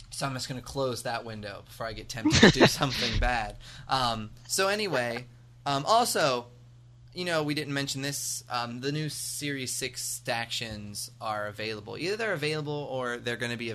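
A man's voice: mid-range voice, moderate pace, bright, forceful tone, slight background noise. An American man co-hosting a podcast, chatting casually in a rambling, jokey way with many fillers. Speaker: podcast co-host. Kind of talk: casual chat.

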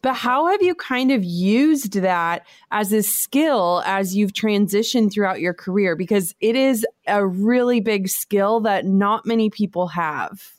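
Woman podcast host, upbeat and affirming, mid pitch, dry sound. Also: lively intonation, unhurried, few pauses, dry recording. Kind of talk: casual interview.

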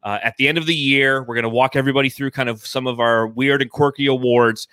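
A man's voice: mid-range voice, fairly even intonation, fast, pushed and bright, smooth, no echo. A man co-hosting a sports podcast in a casual, playful, upbeat way. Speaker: podcast co-host.

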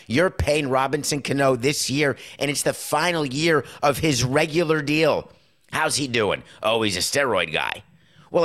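A middle-aged man hosting a sports talk show, giving an opinionated monologue with sarcastic, punchy stresses. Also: mid-range voice. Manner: emphatic, sarcastic, punchy with sudden loud stresses.

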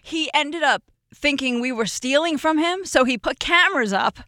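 A woman's voice: sits high, moderate pace, no echo, clean studio sound. A woman in her forties, a podcast guest, telling emotional stories in casual chat. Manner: emotional, expressive storyteller. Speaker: guest, former roommate.

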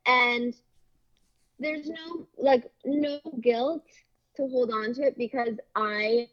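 A woman's voice: a little high, steady tone, fairly bright tone. Reassuring young woman, slightly dull sound. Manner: reassuring, laughs often, quick and chatty. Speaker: podcast co-host. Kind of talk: casual chat.

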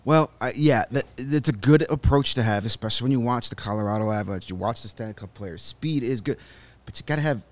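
A man's voice: mid-range voice, fast. A man co-hosting a sports podcast, giving opinions and joking in casual chat. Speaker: podcast co-host. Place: studio.

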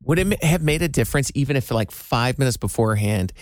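A man's voice: mid-range voice, expressive, quick pace, no room sound, studio quality. A man co-hosting a casual radio show, chatting in an easygoing, playful way. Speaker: radio co-host.

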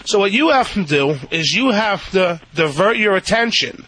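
A man with a New Jersey accent giving dog training advice on a radio show, halting with many fillers. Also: sits high, lively intonation, sharp tone, slight background noise, low-quality recording.

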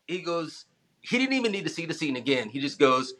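A man, an actor, chatting in an interview and telling animated anecdotes, acting out the voices of people in them and laughing often. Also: a little high, a little fast. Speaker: actor guest. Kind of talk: casual interview storytelling.

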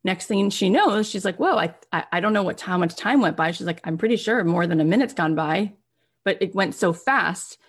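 A woman's voice: lowish voice, animated, normal speed, breathy edge. A woman telling an inspiring story as a motivational speaker, acting out the people in it and rising to pleading peaks. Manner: acts out quoted voices, rising and pleading at emotional peaks.

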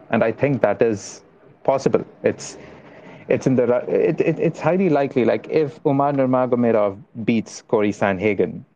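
A man's voice: fairly low pitch, mellow, lo-fi sound. A man co-hosting a casual talk show remotely, speaking in a mock-dramatic, apologetic way.

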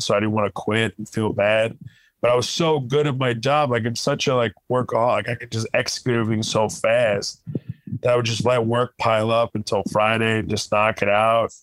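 Lively storytelling man, low dry voice. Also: no echo, poor audio. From Kuwait. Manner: animated, lots of "like" fillers, chuckles while talking. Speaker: guest comedian. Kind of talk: conversational storytelling.

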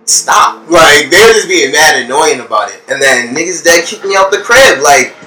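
A man's voice: on the high side, lively intonation, normal speed, recorded from a distance. A young man with a New York accent, telling stories in casual slangy chat and laughing often. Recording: roomy sound from off mic, loud music. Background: music.

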